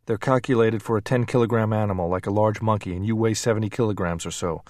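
Quiet clipped scientist guy, a narrator doing him, low voice, super dry sound. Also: steady tone, fast talker, no room sound, close to an everyday voice. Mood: urgent.

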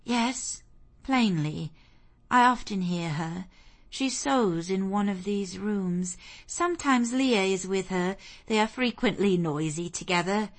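A woman reading the part of an elderly widowed housekeeper who speaks placidly and briskly. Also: medium pitch. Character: elderly widowed housekeeper, calm and matter-of-fact.

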